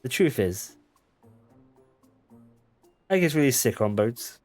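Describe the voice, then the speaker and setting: A man's voice: medium pitch, expressive, slow, pauses often, darkish tone, dry recording, faint music behind. A man streaming a game, reading the dialogue aloud with frequent stumbles, self-corrections and laughs. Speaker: gaming streamer.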